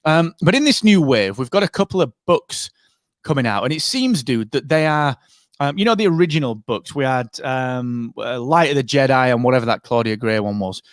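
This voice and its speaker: A podcast co-host with a medium-pitched voice and lively intonation chats casually at a moderate pace. He rambles, filling his talk with fillers and restarts. The recording is dry and clean, studio quality.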